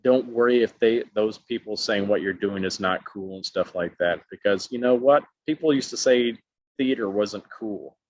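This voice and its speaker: Telling stories in a casual interview, a middle-aged Alabama actor animatedly acts out the people he quotes with many voices. His pitch is fairly low and his speed normal. The sound is dull, dry and lo-fi.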